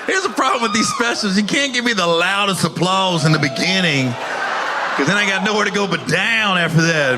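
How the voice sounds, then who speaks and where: A man doing a stand-up comedy set, animated, acting out characters and shouting his punchlines. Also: high-pitched, normal speed, over music. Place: live comedy venue with audience.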